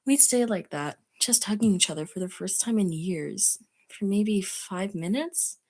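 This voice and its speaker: A woman's voice: mid-range voice, a little slow, dark tone. A woman streaming, reading fan fiction aloud and giggling between passages. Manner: giggly, breaks off to comment.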